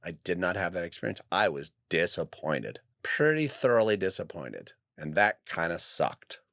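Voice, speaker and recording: A man with a very low voice chatting on a podcast, reflective and wry, often restarting his thoughts. The sound is dry and close. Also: sing-song, moderate pace, gravelly, fairly bright tone, no room sound. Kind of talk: casual podcast chat.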